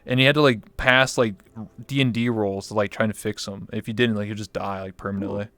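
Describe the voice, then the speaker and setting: Male guest, casual rambler, smooth clear voice, dry mic. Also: lowish voice, fairly even intonation, a little fast, a bit bright, no echo. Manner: rambling storyteller, lots of fillers and swearing. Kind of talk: casual interview chat.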